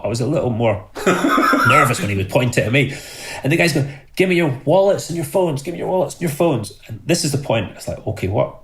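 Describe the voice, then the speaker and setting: A middle-aged Scottish man telling an animated story as a podcast guest, laughing as he goes. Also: mid-range voice, slight background noise. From Scotland.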